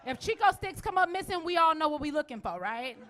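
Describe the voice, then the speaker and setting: A woman's voice: sits high, sing-song, brisk, a bit bright, some chatter behind. A woman in her forties performing a brash, profane stand-up comedy routine with a punchy delivery. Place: comedy stage.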